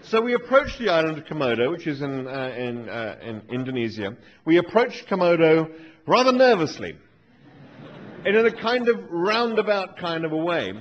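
A man, giving a humorous live talk on stage with dry, wry, deadpan asides. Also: fairly high pitch, normal speed. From England. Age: 40s. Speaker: author giving a live reading. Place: lecture hall with an audience. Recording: dull lo-fi live recording with faint noise.

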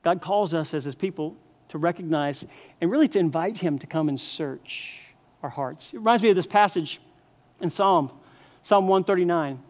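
A male senior pastor delivers a sermon in an earnest, conversational way, often doubling the first word of a phrase. His voice sits fairly high for a man. A long reverb trails his words through the church hall. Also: moderate pace. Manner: earnest, repeats words when starting phrases. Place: church sanctuary.

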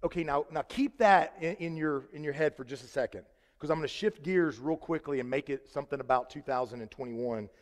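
Joking preacher in a reverberant church. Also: male voice, a little high, brisk. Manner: chatty and joking, with many restarts. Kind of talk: conversational sermon. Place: church sanctuary.

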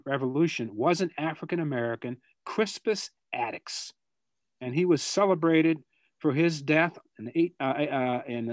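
An older man with a Boston accent speaks over a video call in a fairly high, dry-sounding voice. He talks in a reflective, halting way and often repeats words while he searches for the next one. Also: dry recording. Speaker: guest speaker. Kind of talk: answering students' questions over a video call.

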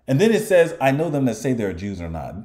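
A man preaching a sermon in an animated way, often mocking his opponents in put-on voices. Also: mid-range voice, fast talker.

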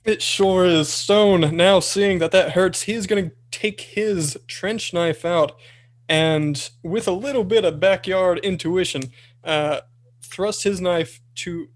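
A man's voice: high-pitched, takes it slowly. A man playing a tabletop game, wry and upbeat. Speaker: player. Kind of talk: casual tabletop play.

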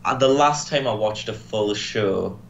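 A man co-hosting a casual gaming commentary, animated, sarcastic and sweary. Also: lowish voice, unhurried, gravelly, lo-fi sound, slight background noise. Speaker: co-host.

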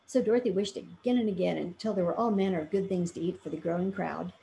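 Woman reading a children's story aloud, gravelly, mellow, dark tone, gentle and measured. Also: lowish voice, steady tone, slight background noise, low-quality recording. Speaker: story reader for a fan club.

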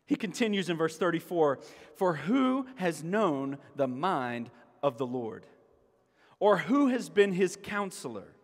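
A man with a high voice preaches a sermon at an unhurried pace. He repeats key phrases for emphasis and rises to exclamations, and a long hall echo trails behind his words in the church sanctuary. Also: big pitch swings. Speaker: pastor.

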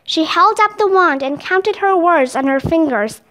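A woman reads a children's chapter book aloud in clear, expressive narration. Her voice is very high. It moves a lot as she tells the story. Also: measured pace, few pauses. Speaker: storybook reader.

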